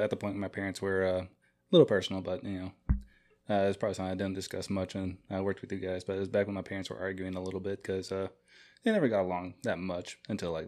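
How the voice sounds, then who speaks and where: A young man with a very low voice tells a story from his childhood at an easy, unhurried pace. He pauses on fillers and drops the odd dry joke. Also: a little mellow. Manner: laid-back, dry joking, some uh fillers. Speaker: podcast co-host. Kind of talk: casual storytelling chat.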